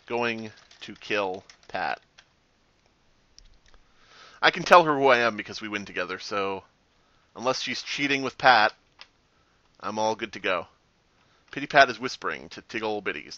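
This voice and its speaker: A man commenting on his own game as he plays, sarcastic and quick to swear, with loud reactions. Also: lowish voice, no echo. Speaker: gaming channel host. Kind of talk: gameplay commentary. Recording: dry, slightly muffled home recording.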